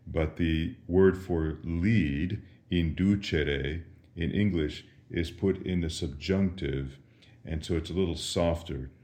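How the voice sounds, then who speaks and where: A man, a priest, patiently teaching Latin responses in a slow lesson, pausing for the listener to answer each question. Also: low-pitched, darkish tone. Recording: roomy echo.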